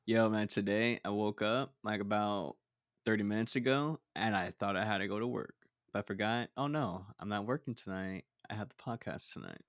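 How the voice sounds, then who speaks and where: A man's voice: lowish voice, normal speed, no echo, studio quality. A young man co-hosting a podcast, laid-back and slangy, teasing his friend in casual chat. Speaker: podcast co-host.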